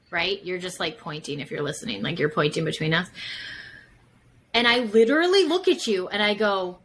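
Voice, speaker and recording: A woman's voice: lowish voice, expressive, moderate pace, fairly bright tone, a little hiss or hum, poor audio. A woman psychotherapist talking casually as a podcast guest, full of fillers and acting out examples as she explains. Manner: chatty, many fillers, acts out examples.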